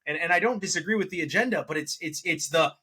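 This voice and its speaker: A man co-hosting a casual movie review podcast, rambling and animated as he works through his opinions, often correcting himself mid-sentence. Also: fairly high pitch, fast, breathy edge. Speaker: podcast co-host.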